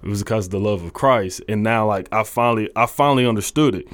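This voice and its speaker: A young man, a college football coach, telling his faith story in a halting, earnest way full of restarts. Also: fairly low pitch, dry recording. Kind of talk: casual testimony interview.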